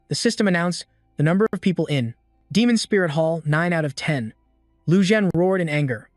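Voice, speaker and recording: A man narrating a comic story recap in a steady storytelling manner. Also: on the high side, fairly quick, dry recording, clean studio sound. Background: faint background music.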